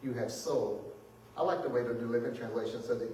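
A pastor preaching a sermon in lively style, shifting between booming exclamations and hushed asides, often chuckling. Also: male voice, a little fast, a little hiss or hum. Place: church sanctuary. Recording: echoey hall, mic at a distance.

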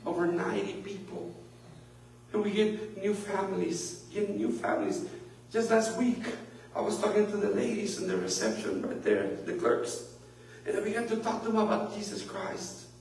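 High-voiced preaching man in echoey room. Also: lively intonation, normal speed, creaky, darkish tone, a little hiss or hum. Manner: impassioned preaching with laughs and swells of volume. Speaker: pastor. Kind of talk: sermon. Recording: echoey room, mic at a distance.

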